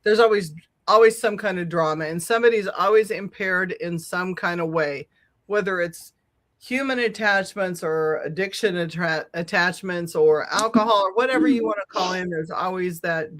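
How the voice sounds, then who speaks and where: A middle-aged woman telling a long, animated story on a podcast, swearing freely and laughing often. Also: fairly low pitch, moderate pace. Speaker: podcast co-host. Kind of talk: casual storytelling chat.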